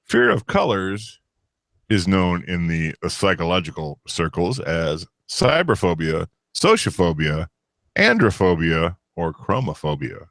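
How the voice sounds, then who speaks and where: A man co-hosting a casual podcast, reading out quiz questions in an animated way, swearing and laughing often. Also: deep voice, a little slow, creaky, dry recording, studio quality. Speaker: co-host running a quiz. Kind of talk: casual banter.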